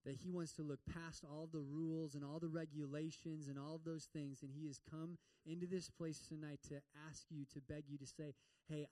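A high-voiced man delivers a lively sermon, acting out the characters as he tells the story. He is picked up from some distance away, and the sound stays dry with little room echo. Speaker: pastor.

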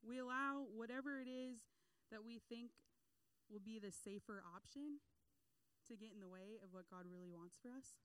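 A young adult woman giving a casual sermon, animated, acting out quotes and laughing between points. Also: on the high side, normal speed, clean tone, low-quality recording.

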